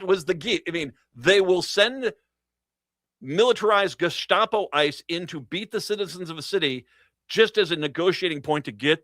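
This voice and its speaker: A man's voice: high-pitched, moderate pace, sharp tone, no echo. A man hosting a political talk radio show, reading news stories and breaking into sarcastic, mocking asides with laughs.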